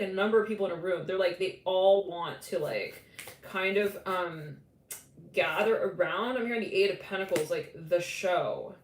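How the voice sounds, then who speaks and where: A woman giving a live psychic tarot reading in a rambling, loose way, full of "like" fillers and quick quoted voices. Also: medium pitch. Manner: rambling, many "like" fillers, quotes imagined people, laughs often. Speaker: tarot reader. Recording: echoey room with faint background noise.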